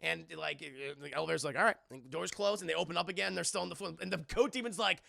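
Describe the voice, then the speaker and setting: Young male streamer, gravelly and bright, rambling profane recap, dry mic. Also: on the high side, fast talker, dry recording. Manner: rambling, hesitant, swears often. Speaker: streamer reviewing a film with live chat. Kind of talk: casual profane movie recap.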